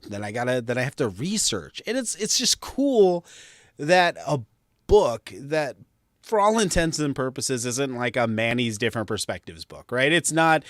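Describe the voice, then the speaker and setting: Animated man chatting about comics, dry sound. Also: medium pitch, dry recording. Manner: animated, swearing, laughs between phrases. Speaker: comic book panelist. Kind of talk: casual panel chat on a livestream.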